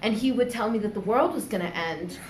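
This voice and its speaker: A woman's voice: medium pitch, animated, brisk, a little mellow. A woman telling chatty anecdotes full of "like" in casual chat as co-host. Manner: chatty, lots of fillers like "like". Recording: echoey room with faint noise.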